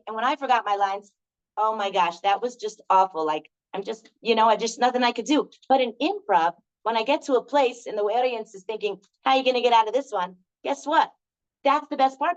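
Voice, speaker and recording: Upbeat woman leading an improv workshop. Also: on the high side. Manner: upbeat, chatty, encouraging. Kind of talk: lively talk to a group. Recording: dull lo-fi recording.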